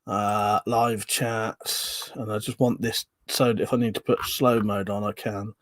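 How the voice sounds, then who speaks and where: A man hosting a casual live stream, chatting and greeting viewers by name, with loud greetings and quieter mumbled asides. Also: fairly low pitch, little pitch movement, a little slow, no room sound.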